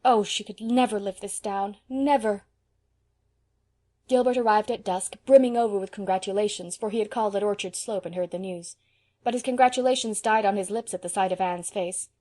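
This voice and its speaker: A woman narrating a classic novel as an audiobook, in an expressive, measured storytelling manner. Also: medium pitch. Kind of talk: scripted narration.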